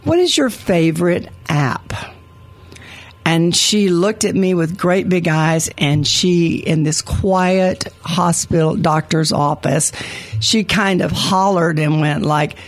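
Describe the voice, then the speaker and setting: An older woman, an educator, chatting and telling a story with animated quoted lines. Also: fairly low pitch, slow pace. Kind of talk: conversational storytelling.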